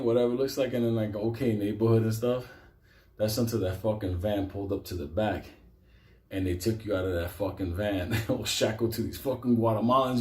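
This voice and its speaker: A man's voice: fairly low pitch, roomy sound. A middle-aged man, telling a wild story full of curses and laughs. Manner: profane, laughing, animated storyteller. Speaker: host. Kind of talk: profane storytelling.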